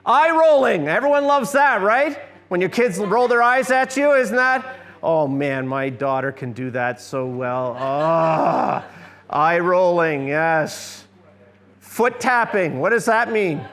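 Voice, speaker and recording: A man's voice: a little high, slow pace, a bit bright. A middle-aged man giving a conversational church workshop lecture, often asking the audience questions. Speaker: seminar presenter.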